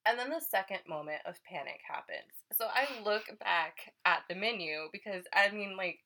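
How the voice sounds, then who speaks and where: A young woman telling a story in casual chat, animated and laughing often, acting out her own thoughts. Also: medium pitch, moderate pace.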